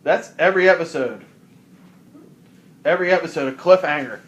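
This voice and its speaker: A man's voice: mid-range voice, animated, normal speed. A young man co-hosting a podcast, joking around in casual chat and putting on silly voices. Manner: jokey, playful, puts on silly voices. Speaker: podcast co-host.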